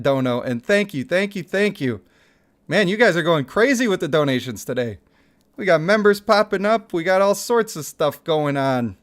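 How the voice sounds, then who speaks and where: Animated male gaming streamer, fairly high voice. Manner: animated, laughs often, reads chat aloud. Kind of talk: casual gaming livestream chat.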